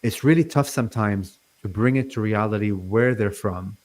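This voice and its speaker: A man's voice: on the low side, moderate pace, darkish tone. Stuttering middle-aged man from Lebanon. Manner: stutters, many fillers and restarts. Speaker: guest. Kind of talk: casual interview talk.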